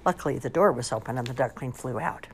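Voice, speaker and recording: A woman reading storybooks aloud in an expressive, lively storytelling manner. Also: very deep voice, fast talker, a little hiss or hum. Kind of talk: animated storybook read-aloud.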